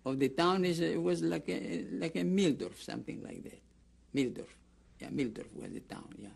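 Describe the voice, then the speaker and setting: A man's voice: on the high side, expressive, moderate pace, vocal fry, a little mellow, husky. An older man with a Greek accent giving an oral history interview, rambling through a story with restarts and acting out the people he quotes. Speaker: interviewee, camp survivor.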